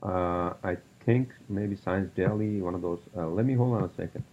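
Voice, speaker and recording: A man's voice: low-pitched, normal speed, darkish tone, dull audio, a little hiss or hum. A man hosting a solo podcast, rambling through topics with lots of fillers and profane rants. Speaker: podcast host.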